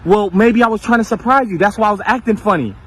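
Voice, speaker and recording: High voiced guy scolding his partner, sarcastic, bit of background noise. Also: quick pace, a bit bright. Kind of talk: filmed real-life argument clip.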